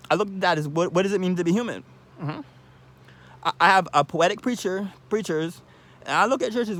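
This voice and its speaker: A man talking alone to the camera in a rambling monologue, restarting his sentences, laughing softly and often breaking off to say "I love you". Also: fairly high pitch. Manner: repeats "I love you" often, halting restarts, sudden soft asides; laughs briefly between thoughts. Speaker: vlogger.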